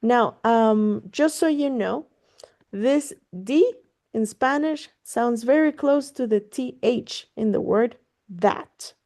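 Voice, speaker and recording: A woman's voice: fairly high pitch, slow, dark tone. A woman tutoring Spanish on a video call, explaining casually and encouragingly, switching between English and Spanish, laughing easily and swearing offhand. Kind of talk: online one-on-one language lesson.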